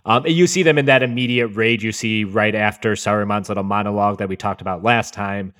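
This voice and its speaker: A man hosting a podcast in casual chat, relaxed and measured with wry asides. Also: fairly low pitch. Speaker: podcast host.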